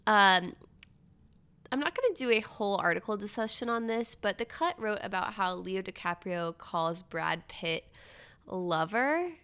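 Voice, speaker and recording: A woman's voice: medium pitch, expressive, a little slow, a bit bright, clean tone. A young woman hosting her own podcast in casual solo chat, with uptalk and a valley girl way of speaking. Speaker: podcast host.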